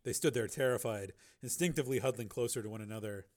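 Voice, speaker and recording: A man reading a science fiction audiobook aloud, steady and even, now and then correcting a slip. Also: mid-range voice, fast, few pauses. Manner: steady storytelling with occasional slips and self-corrections. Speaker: narrator. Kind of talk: audiobook narration.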